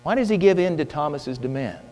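A man's voice: fairly high pitch, lively intonation, brisk, warm tone. A man preaching a sermon, emphatic and full of rhetorical questions, in a church hall. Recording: long hall reverb with mains hum.

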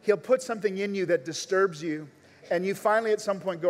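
A man's voice: high voice, a little fast. A man preaching a sermon at a live church service, making earnest, urgent appeals straight to his listeners. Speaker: pastor. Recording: long reverb of a large church hall.

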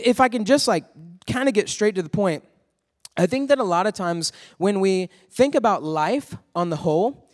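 A man's voice: on the high side, long reverb tail. A man in his thirties giving a conversational youth sermon, telling stories and asking his listeners questions. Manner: conversational, storytelling, asks the crowd questions. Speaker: youth pastor. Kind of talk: sermon to students.

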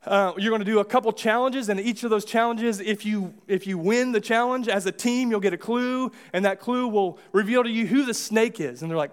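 A man with an American accent preaching a sermon in a church, casual and conversational, with many restarts and acted-out asides. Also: high-pitched. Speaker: pastor. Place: church sanctuary.

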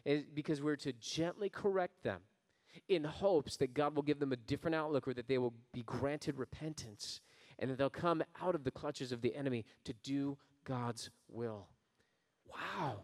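A man preaching a sermon. He swells into emphatic lines, drops to quiet asides, and tells a folksy story. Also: mid-range voice, normal speed, long reverb tail. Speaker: pastor.

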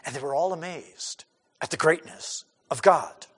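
A man preaching an expository sermon who acts out crowd voices and swings from loud to hushed. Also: a little high, measured pace, breathy edge. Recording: hall reverb.

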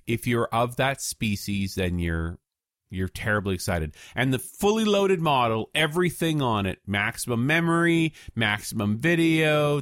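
A man co-hosting a casual podcast, pitching gadget gifts like a salesman and spelling web addresses in the phonetic alphabet. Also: a bit bright, no echo, clean studio sound. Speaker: podcast co-host presenting tech gifts.

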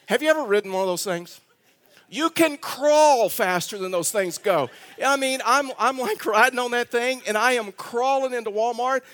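A middle-aged man, a pastor, telling a self-mocking story in a sermon with halting restarts. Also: very high-pitched, fairly bright tone. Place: church sanctuary.

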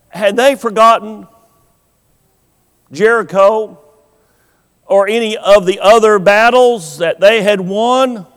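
A man preaching a sermon, slow and emphatic, acting out the voices he quotes. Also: high voice. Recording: long hall reverb.

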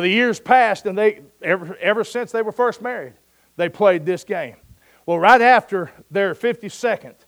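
A male preacher with a fairly high voice delivers a sermon as a story. He talks in a folksy, conversational way and sinks to a near hush at the tender moments. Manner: storytelling, dropping to a soft hush at moving points.

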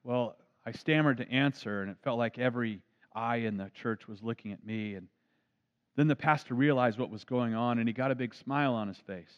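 A man's voice: medium pitch, fairly quick, clean tone. A man, a pastor, preaching an earnest storytelling sermon. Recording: dull lo-fi recording.

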